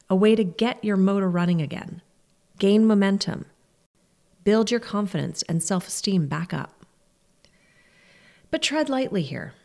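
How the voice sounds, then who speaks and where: A woman's voice: mid-range voice, a little mellow. A woman hosting a podcast, speaking in an earnest, reflective and encouraging way in a scripted monologue. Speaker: podcast host.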